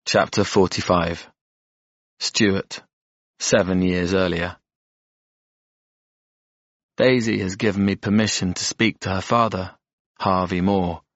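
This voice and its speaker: A man with a very low voice reads an audiobook in the first person at a measured, even pace. The recording is dull and dry. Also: dry recording. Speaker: audiobook narrator.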